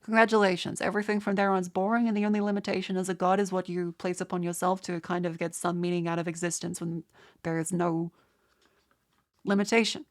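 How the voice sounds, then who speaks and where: This young streamer, Australian and nasal while recovering from a cold, stutters through a rambling chat with viewers, restarting frequently. She speaks fast in a lowish voice with little pitch movement.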